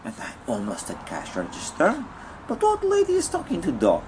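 In a comedic character monologue, a man puts on a Russian accent to play a distraught Russian man ranting in broken English. The voice is whiny with wildly swooping pitch, at normal speed and darkish in tone, with slight background noise.

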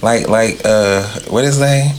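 A man in casual podcast chat, telling stories in a blunt, profane, animated way. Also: on the low side, a little slow, a little hiss or hum. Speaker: podcast co-host.

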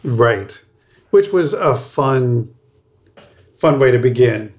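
A man's voice: medium pitch, lively intonation, slow pace, darkish tone. A man co-hosting a podcast, chatting casually with frequent laughs and loose, rambling phrasing. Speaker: podcast co-host.

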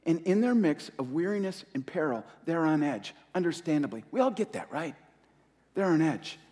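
A male pastor preaching with passion, his fairly high voice surging and then dropping low as he repeats his key lines. The sound carries a long reverb from the church hall around him. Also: sing-song, dark tone. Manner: impassioned, rising and falling with pauses, repeating key phrases. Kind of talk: sermon.

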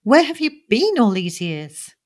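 A woman's voice: mid-range voice, lively intonation, normal speed, fairly bright tone. A woman reading as an earnest young society lady. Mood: pleading. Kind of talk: audiobook character reading.

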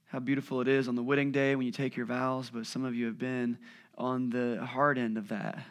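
A man in his thirties preaching a sermon as pastor, telling lively stories and acting out family voices, then dropping to a hushed voice on heavy points. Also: medium pitch, fairly quick, lo-fi sound.

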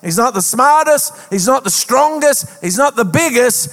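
A man preaching a lively sermon as a pastor, with a sing-song rhetorical delivery. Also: very high-pitched, normal speed. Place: church auditorium. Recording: long hall reverb.

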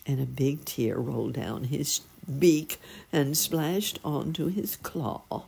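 Woman reading a kids' bedtime story, low creaky voice, really slow and lilting. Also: slight background noise. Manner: slow, gentle, expressive storytelling.

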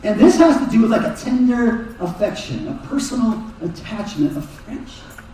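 High-voiced preacher in an echoey hall. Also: male voice, normal speed, a little hiss or hum. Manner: animated preaching, voices Jesus and Peter in quotes. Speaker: pastor. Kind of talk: sermon. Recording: echoey hall, mic far off.

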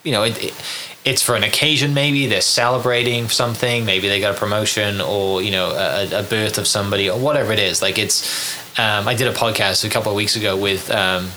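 A man's voice: lowish voice, fairly even intonation, a little fast, hardly any pauses, bright, forceful tone, a little hiss or hum. A young man hosting a podcast, telling stories casually with many fillers and restarts. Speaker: podcast host. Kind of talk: casual interview chat.

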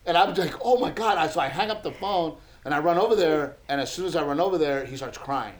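A man's voice: on the high side, fast talker, a little hiss or hum, poor audio. A man in his thirties, a podcast co-host, telling family stories in a casual chat, laughing often and acting out his son's lines.

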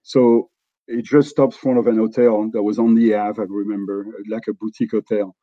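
Speaking a little fast in a lowish, flat voice, the same middle-aged French-accented executive shares stories as an interview guest, often using fillers and restarting sentences. The audio is dull, with no echo.

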